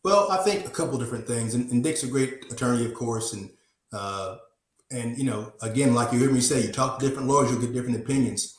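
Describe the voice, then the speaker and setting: Male defense attorney guest, mid pitch, measured, repeats words while thinking, roomy echo. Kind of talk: conversational legal analysis.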